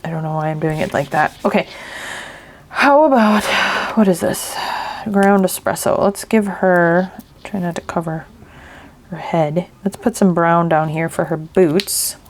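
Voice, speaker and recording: A woman's voice: fairly low pitch, measured pace. A woman hosting a craft video, chatting casually and thinking aloud as she works, often half-whispering and mumbling to herself. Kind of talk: casual narration while crafting.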